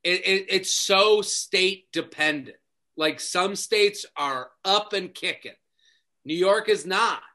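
A male comedian guest telling stories in animated, casual podcast chat, full of "like". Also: high voice, slow. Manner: animated storytelling with lots of "like".

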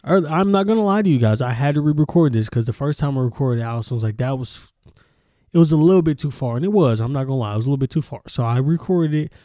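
A man talks through a casual reaction vlog in a blunt, profane way, stopping now and then to clear his throat. His voice sits at an ordinary pitch with a warm, dark tone. The sound is dry and close. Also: expressive, quick pace, no echo. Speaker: commentary vlogger.

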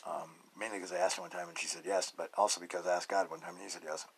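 A man hosting a casual spiritual podcast monologue, rambling and chuckling often, dropping to hushed murmurs and then jumping to loud bursts. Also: sits low, flat delivery, very fast, gravelly, slightly rough, low-quality recording. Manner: chuckles often between thoughts. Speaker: podcast host.

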